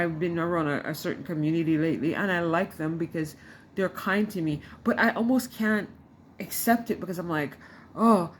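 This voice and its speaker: A middle-aged woman from the Caribbean, talking to camera in a rambling, frustrated way with many restarts. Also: medium pitch. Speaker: vlogger. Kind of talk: casual talk to camera. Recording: faint background noise.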